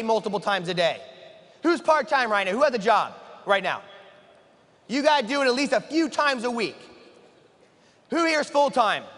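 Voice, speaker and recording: A man giving an energetic motivational talk to an audience, asking the room questions and acting out conversations. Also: extremely high pitch. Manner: energetic, asks the room questions, acts out dialogue. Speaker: motivational speaker. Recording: long hall reverb.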